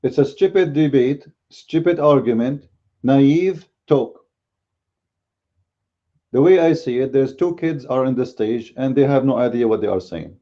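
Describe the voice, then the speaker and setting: A man with a very deep, mellow voice whose first language is Arabic, arguing in a blunt and combative way. He delivers casual commentary on a dull, lo-fi recording. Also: unhurried. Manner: blunt and combative, speaks bluntly by his own account. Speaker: Christian apologetics commentator.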